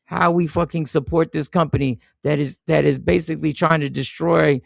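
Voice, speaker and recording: A male podcast host tells a work story in casual, profane chat, animatedly acting out the people he quotes. His voice is a little high and creaky at a moderate pace, captured in clean studio sound with no room sound.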